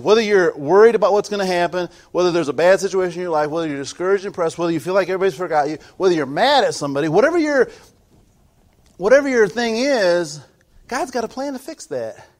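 A man pastor preaching a sermon, swinging from quiet asides to shouted peaks, often restarting his sentences. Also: high-pitched, expressive, fairly quick.

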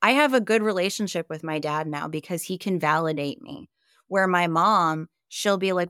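A woman from Iowa talks as a podcast guest, recounting her story with candid emphasis. She swears freely as she speaks. Her voice sits low and the sound is dry and close. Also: normal speed, a bit bright, clean tone, no echo. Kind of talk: personal storytelling in a conversation.

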